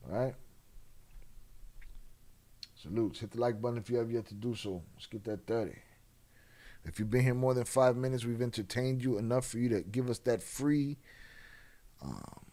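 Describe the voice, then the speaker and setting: A man's voice: mid-range voice, a little mellow. A man hosting a casual livestream, talking bluntly and skeptically with a lot of swearing. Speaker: livestream host.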